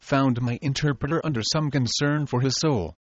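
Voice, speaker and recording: A man reading an old devotional diary aloud in a measured, solemn, devout manner. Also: mid-range voice, no echo, highs cut off. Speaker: audiobook narrator.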